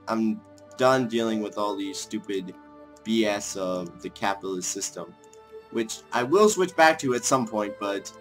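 A young man casually commenting on a strategy game as he plays, thinking aloud, rambling and breaking into excited outbursts, with faint music behind him. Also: medium pitch. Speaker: let's play gamer.

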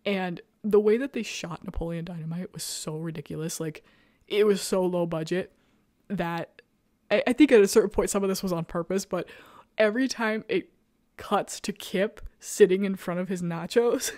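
A woman's voice: mid-range voice, no echo, clean studio sound. A woman hosting a casual chat show, laughing often and riffing with sarcastic energy. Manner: giggly, laughs often mid-sentence; animated and sarcastic. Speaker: podcast host. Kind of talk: casual chat reviewing comics.

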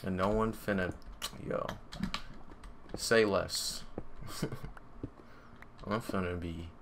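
Excitable slangy young gamer guy. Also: sits low, drawn-out words, gravelly. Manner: excitable, slangy, talks to himself and viewers. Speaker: gaming YouTuber. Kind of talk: casual gameplay commentary. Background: computer fan noise and keyboard clicks.

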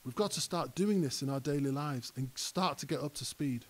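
A man's voice: mid-range voice, normal speed. A male pastor preaching a conversational sermon that rises to emphatic peaks. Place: church hall.

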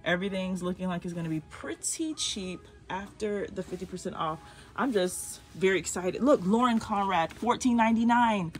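A woman's voice: medium pitch, normal speed, faint music behind. A woman filming a shopping vlog inside a large store on a handheld phone, gushing and exclaiming over bargains. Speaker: couponing vlogger.

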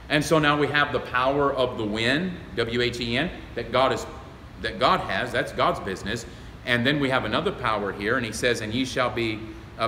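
Bright-voiced preacher man, folksy and punchy, big echoey church sound. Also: mid-range voice, slight background noise. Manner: folksy, emphatic preaching that builds to loud exclamations. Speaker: pastor. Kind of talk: sermon. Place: church sanctuary. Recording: echoey, reverberant hall.

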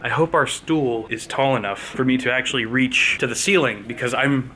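A man, a tech video host, chatting casually to himself while he works, joking, sometimes loud and excited and sometimes muttering low. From United States. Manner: chatty, self-talking, jokey, swings between loud excitement and muttering. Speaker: tech YouTuber. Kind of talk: casual vlog narration while working. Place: small studio office.

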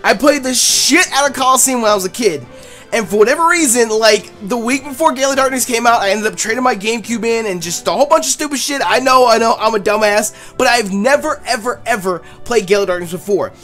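A young adult host narrating a let's play, loud and hyped, swearing often over the game. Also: medium pitch, fast. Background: faint game music.

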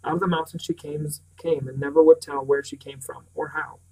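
A man's voice: a little high, fairly even intonation, vocal fry, breathy edge, distant mic, low-quality recording. A man reading the lines of a lean, weathered older sheep farmer who talks plainly and at times sharply, in an audiobook reading. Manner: slow, plain-spoken, occasionally sharp.

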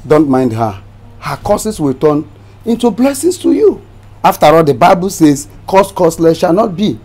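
A gentle father with a husky voice that moves up and down. He speaks in a calm, soothing way. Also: on the high side, moderate pace, faint music behind. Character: gentle, trusting middle-aged father. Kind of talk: film drama acting.

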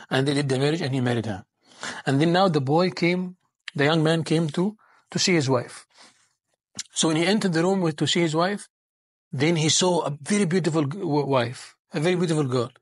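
A man narrates a religious moral story in a husky, breathy voice that sits a little high. His telling is loose and conversational, with pious phrases mixed in. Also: a little fast, no room sound, studio quality.

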